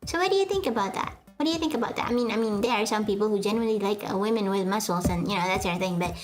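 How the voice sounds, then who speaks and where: A woman's voice: medium pitch, very fast. A young woman streaming, chatting casually with viewers in a rambling, self-mocking way, full of fillers and restarts. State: sweaty. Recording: faint music behind.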